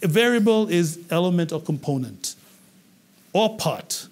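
An English public speaking trainer teaches a class in a high voice. He's animated and keeps firing quick questions to make sure everyone is following along.

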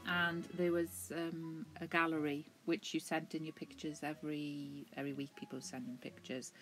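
A woman's voice: deep voice, little pitch movement, moderate pace, fairly bright tone, soft background music. A young woman co-hosting a casual chat, giggling often as she shares stories. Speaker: co-host.

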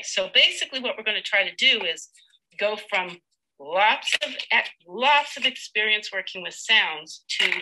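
A woman teacher leading a live demonstration lesson with a child, patient and encouraging, slowly sounding out words. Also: mid-range voice, heavy background noise.

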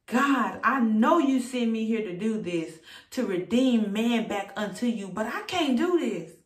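A woman's voice: on the high side, lively intonation, unhurried. A woman preacher voicing Jesus as an adult man in casual everyday speech. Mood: pleading. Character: frightened then resolute Jesus, man, adult. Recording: roomy echo.

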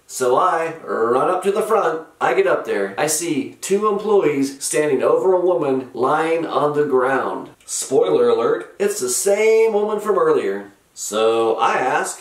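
A man's voice: fairly high pitch, expressive, a little slow, distant mic. A middle-aged man telling comic stories in a dry, grumpy, sardonic way. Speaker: comedic storyteller host. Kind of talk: deadpan comic retail storytelling. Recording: roomy echo, from off-mic.

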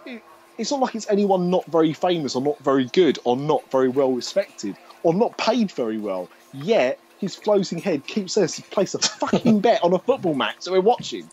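A man's voice: on the high side, very animated, moderate pace, a little mellow, muffled recording, a little hiss or hum. A British man hosting a podcast in casual, rambling chat, joking, swearing and laughing as he talks. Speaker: podcast host.

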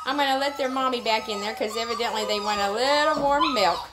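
A woman's voice: a little high, a little fast, noisy background. A woman dog breeder chatting casually in a vlog, slipping into cooing baby talk with her puppies. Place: indoors in a puppy pen area. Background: puppies whining and crying.

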